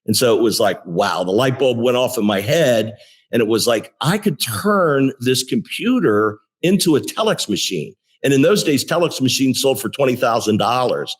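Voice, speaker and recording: A man in his sixties, a company CEO, telling career stories in a relaxed interview, with frequent restarts and fillers. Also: medium pitch, moderate pace, slightly rough. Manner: animated storyteller with many restarts. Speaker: guest, tech company CEO. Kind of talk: casual interview storytelling.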